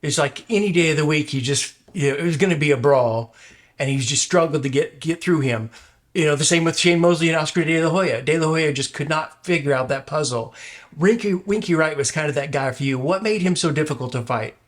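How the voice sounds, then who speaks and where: A man's voice: a little high, a little fast. Man asking loose interview questions. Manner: loose questioning with restarts and fillers. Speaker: interview host.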